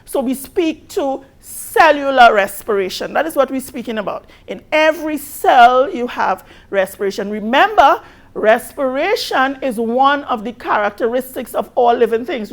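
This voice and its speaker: A woman with a Caribbean accent, a biology teacher giving an exam review lesson, patiently rereading questions slowly and stressing key words. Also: high-pitched, creaky. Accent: Caribbean English.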